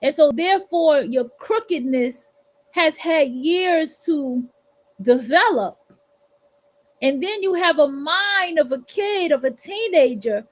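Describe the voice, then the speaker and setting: Blunt, high-voiced New woman. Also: animated, slow. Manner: blunt and profane, preaching to listeners. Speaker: livestream host. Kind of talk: casual monologue.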